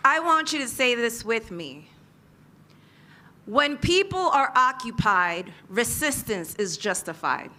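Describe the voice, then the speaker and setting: A woman's voice: a little high, very animated, takes it slowly, pushed and bright, slight background noise. A woman from the United States, an invited panel speaker and organizer, giving an impassioned political speech and leading the crowd in call and response. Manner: fiery, leads chanted call and response.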